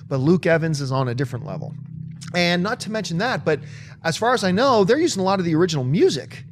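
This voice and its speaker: A man's voice: high voice, fast. A man co-hosting a movie talk show, chatting casually and emphatically, with sudden bursts of enthusiasm. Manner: animated, emphatic, breaks into sung bits.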